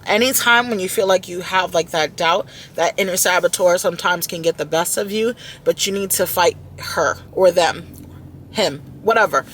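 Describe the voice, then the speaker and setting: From inside a car, a woman records a heartfelt self-talk vlog, speaking earnestly and often repeating her words. Her voice is lowish with a fairly bright tone.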